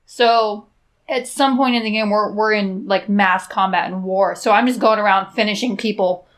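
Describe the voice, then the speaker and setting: A woman co-hosting a podcast in casual chat, animated and swearing freely. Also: medium pitch, normal speed. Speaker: podcast co-host.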